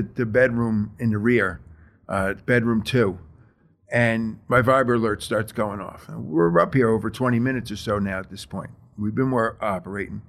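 A middle-aged man, a firefighter, telling the story of a fire in an interview in a plain, measured way with many fillers. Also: mid-range voice.

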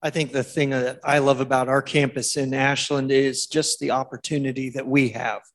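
A man's voice: mid-range voice, little pitch movement, normal speed. A man on a panel, a staff member at a senior living campus, speaking earnestly with some fillers. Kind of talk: panel interview.

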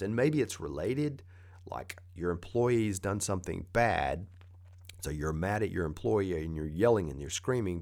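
A man's voice: deep voice, a little mellow. A man giving a conversational motivational talk, coaching with plain repeated advice.

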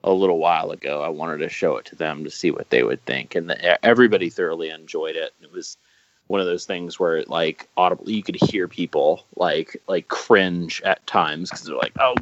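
On a film podcast, a low-pitched male co-host chats casually, rambling with enthusiasm and frequently starting his sentences over. The recording has a dull, lo-fi quality and no room sound.

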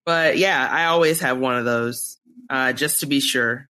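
A woman co-hosting a casual podcast chat, speaking in an animated, emphatic way and laughing easily. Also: extremely low pitch, normal speed. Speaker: podcast co-host.

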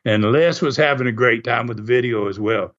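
A man telling stories in a casual, animated way, laughing often and acting out what others said. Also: mid-range voice, brisk. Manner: animated, laughs often, acts out quoted voices. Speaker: guest recounting wrestling TV history. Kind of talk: casual storytelling. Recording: muffled lo-fi audio.

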